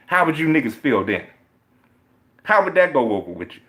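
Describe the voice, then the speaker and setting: Animated man ranting, highly expressive pitch. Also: normal speed, pauses often. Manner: profane, emphatic, swings between low mutters and loud high outbursts; repeats points, speaks directly to viewers. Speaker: gaming vlogger. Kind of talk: heated opinion rant.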